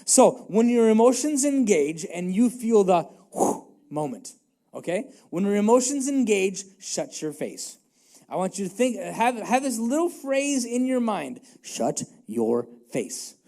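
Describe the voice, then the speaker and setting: A man's voice: sits high, lively intonation, normal speed, warm tone. A male pastor giving a conversational, self-deprecating sermon in a church, hammering home short repeated catchphrases. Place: church sanctuary.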